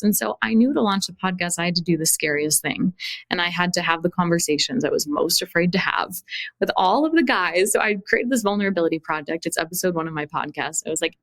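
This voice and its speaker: A young woman hosting a podcast, telling a personal story in a candid, animated way, acting out dialogue and swearing freely. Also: lowish voice, brisk, no echo. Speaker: podcast host and coach.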